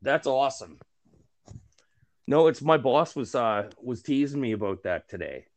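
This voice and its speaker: Slow, rambling man joking around. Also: medium pitch, animated. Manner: rambling, profane, many restarts and fillers; self-mocking humor. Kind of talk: casual chat.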